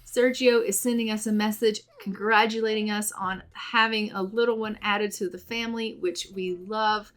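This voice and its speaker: A woman talks through her life-sim game in a chatty, casual way, doting on the characters. Her voice sits at an ordinary middle pitch. It sounds like an easygoing gaming channel host. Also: steady tone, moderate pace, hardly any pauses, fairly bright tone. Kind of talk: casual let's play commentary.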